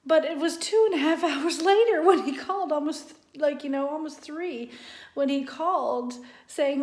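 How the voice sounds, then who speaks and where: A woman's voice: high voice, moderate pace, darkish tone, roomy sound. A woman vlogging about her day in a casual, rambling way, often laughing. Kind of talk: casual vlog narration. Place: home kitchen.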